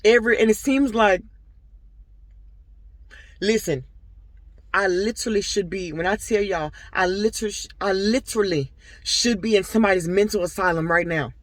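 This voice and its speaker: A woman's voice: medium pitch, moderate pace, long pauses, dry recording. Rambling woman vlogger, dry close sound. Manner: rambling, earnest storytelling with many fillers; talks straight to her viewers. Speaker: vlogger and boutique owner. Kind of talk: casual personal vlog talk.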